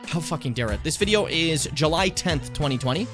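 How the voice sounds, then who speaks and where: A man's voice: on the high side, lively intonation, fairly quick, music in the background. A young adult man streaming, reacting to his old videos in a rambling, profane, self-mocking way.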